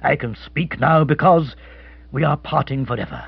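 A man reading an audiobook who voices a crushed but gallant British colonial hunter, talking low and earnestly, often in a mutter. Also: animated, moderate pace, gravelly, breathy edge, no echo, exaggerated voice. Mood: lovelorn. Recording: dull, dry close recording.

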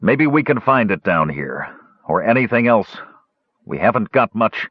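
A man's voice: on the low side, big pitch swings, measured pace, husky, no echo, exaggerated voice. A man voicing a flustered young woman companion who answers in a small, defensive voice. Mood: urgent. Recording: dull lo-fi recording.

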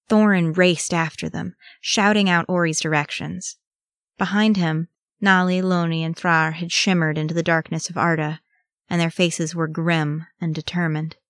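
A woman reads a story aloud in steady, measured narration. Her voice sits low for a woman. The recording is dry and close, with no room sound. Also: dry recording. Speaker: audiobook reader. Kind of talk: reading fan fiction aloud.

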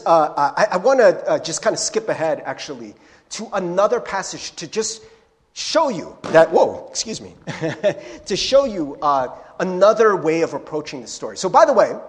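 A man preaching a sermon as pastor, conversational and animated, with casual fillers that build into emphatic, insistent points. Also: a little high. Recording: long hall reverb.

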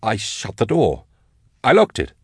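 Male narrator reading an awkward, rattled scholar; halting, hushed, trying to stay calm. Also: lowish voice, husky, no room sound, studio quality, voice pushed up, heavily acted. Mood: flustered. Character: nervous bookish man, awkward and rattled. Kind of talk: audiobook character voice.

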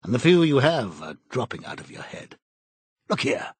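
A cold, commanding interrogator, read by a man in an audiobook, slow and contemptuous. His husky voice stays measured and dry, close to the mic, with a steady mid pitch. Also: no room sound.

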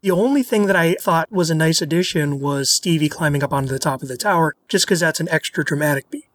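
A man co-hosting a film podcast, who talks in a measured, analytical way and shares trivia. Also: on the high side, fairly bright tone, no room sound, far from the mic. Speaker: podcast co-host. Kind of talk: casual film discussion.

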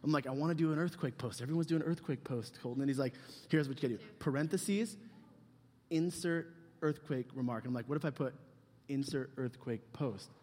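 A man's voice: on the high side, very fast, a little mellow. A man giving a casual, humorous youth sermon, rambling and joking with lots of fillers. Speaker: youth pastor. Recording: long hall reverb.

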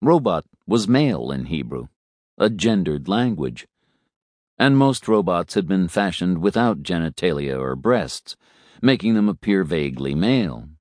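A man doing scripted narration of a story in a slow, deliberate reading. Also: sits low, very animated, darkish tone, dry recording, studio quality.

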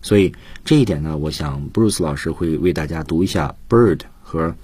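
A man teaching English on a radio lesson, explaining points in a calm, explanatory way. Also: a bass voice, moderate pace, breathy edge, dry recording. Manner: explanatory, switches between Chinese and English.

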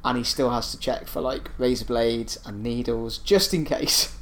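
A man co-hosting a podcast, chatting about books and shows and quick to jump in and argue a point. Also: mid-range voice, fairly bright tone. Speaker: podcast co-host. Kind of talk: casual book discussion.

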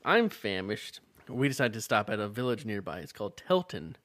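A man's voice: fairly low pitch, normal speed, no room sound. A man co-hosting a comedy podcast, reading a romance adventure aloud with playful asides and frequent laughter. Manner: animated, laughs often, playful character quotes. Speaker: podcast co-host reading a choose-your-own-adventure book. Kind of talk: casual comedic chat.

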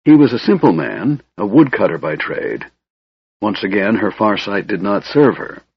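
A frail, sardonic young mage, put on by a man, speaks in a cold, hissing whisper with a husky edge. The voice sits low, and the dull, lo-fi recording is dry and close. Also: animated, normal speed, dry recording. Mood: bitter, musing. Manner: cold, brooding, bitter.

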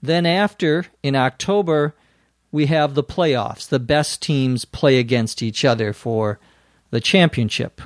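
A man's voice: medium pitch, slow pace, no echo. A man hosting an English-learning podcast, patiently explaining words with a bit of dry humour. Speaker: English teacher, podcast host. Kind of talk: explaining a lesson.

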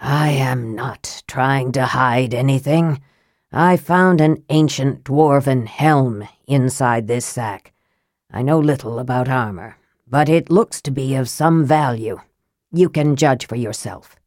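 A woman voicing a frail, guarded young male mage who speaks quietly, tersely and sharply. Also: very deep voice, slow pace, no room sound, clean studio sound, pitched below the performer's own voice, full character voice.

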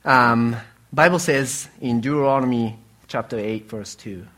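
Earnest halting male preacher. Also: mid-range voice, fairly bright tone. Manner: earnest, halting speech with restarts and pauses. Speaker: pastor. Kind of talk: sermon.

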